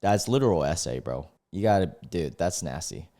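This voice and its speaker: Young male streamer with a low voice, relaxed slangy reaction commentary. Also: moderate pace. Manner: casual slangy, calls people bro and dude. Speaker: streamer reacting to online posts.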